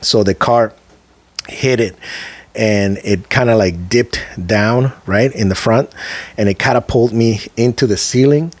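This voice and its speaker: A man co-hosting a podcast, telling a personal story in a loose, conversational way, with slang asides and dramatic slowdowns at key moments. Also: on the low side, dry recording. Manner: vivid, emphatic storyteller who slows down for dramatic moments. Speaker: podcast co-host. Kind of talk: casual storytelling chat.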